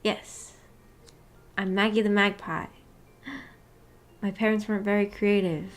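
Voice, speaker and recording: A woman's voice: medium pitch, steady tone, takes it slowly. A young woman hosting a casual live-stream book club, chatty and giggly, often restarting her sentences.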